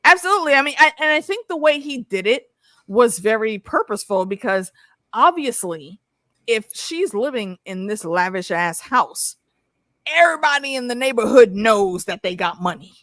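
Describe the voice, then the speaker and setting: A woman hosting a casual show discussion, talking in an animated, salty way and acting out lines. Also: fairly high pitch, normal speed, no room sound. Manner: animated, profane, acts out quotes. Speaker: podcast host.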